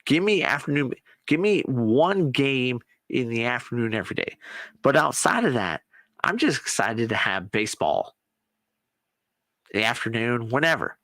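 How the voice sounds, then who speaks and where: A man hosting a podcast, chatting casually and excitably about sports and swearing now and then. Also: mid-range voice, normal speed, dry recording. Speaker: podcast host. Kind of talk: casual solo chat.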